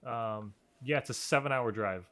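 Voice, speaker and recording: An easygoing man chats casually as a podcast co-host. He chimes in with quick interjections and a relaxed, friendly way of talking. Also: medium pitch, crowd noise. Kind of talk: casual chat.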